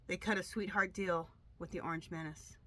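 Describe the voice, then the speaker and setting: A woman tarot reader talks to her viewers in a loose, rambling way, often restarting her sentences. Her voice is bright and forward, and her nose is stuffed up from allergies. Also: lowish voice, steady tone, normal speed. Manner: chatty, rambling, many restarts. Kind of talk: casual monologue to camera.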